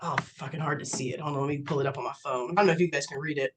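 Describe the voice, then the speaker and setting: A woman's voice: low voice, fairly even intonation, rapid-fire, noisy background. A woman live streamer in a profane, mocking rant, reacting to clips and messages. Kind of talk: ranting commentary.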